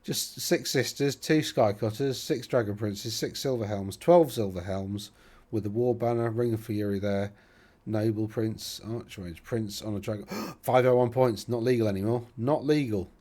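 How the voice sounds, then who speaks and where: A man's voice: fairly low pitch, moderate pace, warm tone. A man hosting a casual commentary, rambling and thinking aloud with self-deprecating asides as he browses results. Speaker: host.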